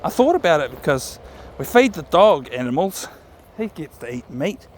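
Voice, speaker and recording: A man with a New Zealand accent chats casually to camera while walking his dog along an outdoor riverside trail, rambling and often correcting himself mid-sentence. His fairly high voice swings widely in pitch at normal speed, with a little hiss or hum.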